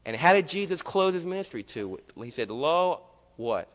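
A man's voice: a little high, big pitch swings, fairly quick. A man preaching a sermon in a church, emphatic and full of rhetorical questions. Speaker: pastor. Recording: long hall reverb.

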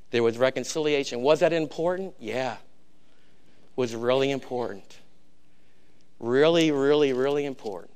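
A middle-aged male pastor preaching a sermon, telling a personal story and swinging between hushed moments and loud, emphatic passages. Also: mid-range voice, clean tone.

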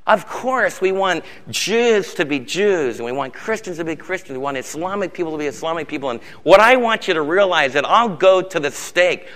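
A middle-aged male pastor preaching a sermon with passion, dropping to a hush and then rising to loud emphasis, in a church sanctuary. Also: a little high. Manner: impassioned preaching, swinging from hushed to loud. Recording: long reverb of a large hall.

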